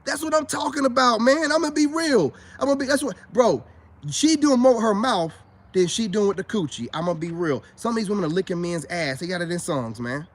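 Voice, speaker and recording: Husky high-voiced man preaching boastfully. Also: expressive, a little fast. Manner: boastful and preachy, repeats phrases for emphasis; addresses viewers directly as brothers. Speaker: self-styled spiritual advice vlogger. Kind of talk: casual monologue to camera.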